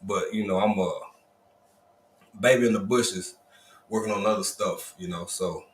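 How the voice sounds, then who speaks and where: Folksy low-voiced man hosting a livestream. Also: a little slow, reverberant, slight background noise. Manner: folksy, drawling Southern Black vernacular, repeated greetings. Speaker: livestream host. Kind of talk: casual livestream chat, greeting viewers.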